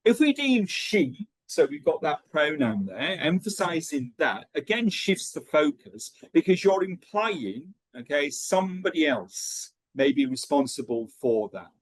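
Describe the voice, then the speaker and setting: A man's voice: a little high, unhurried, few pauses, slightly rough, dry recording. A man leading an online teacher-training lesson, checking in often with "okay" as he explains. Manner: lively, checks in with frequent "okay".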